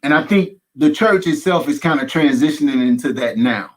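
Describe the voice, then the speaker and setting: Pastor guy talking real candid, kinda high voice, piles up repeated phrases, jokes around. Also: animated, normal speed. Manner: emphatic, repeats phrases in runs; folksy, humorous asides. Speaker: pastor, guest. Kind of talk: candid conversational testimony.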